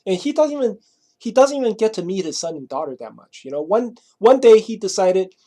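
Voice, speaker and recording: A man's voice: high-pitched, expressive, brisk, warm tone. A man spins a long, rambling story in a loose, casual way. He swears freely and keeps checking in with "right?" and "you know?" as he goes. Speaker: vlogger.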